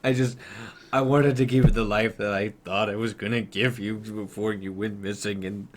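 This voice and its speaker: A man's voice: on the low side, normal speed, noisy background, natural voice. A man voicing a guilt-ridden middle-aged inventor father who pleads and apologizes. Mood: remorseful.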